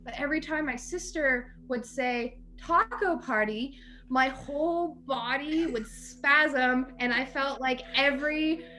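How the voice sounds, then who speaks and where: Young female co-host, high bright voice, chatty storyteller. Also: fairly even intonation. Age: young adult. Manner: chatty, quick to laugh. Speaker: podcast co-host. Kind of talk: casual storytelling chat.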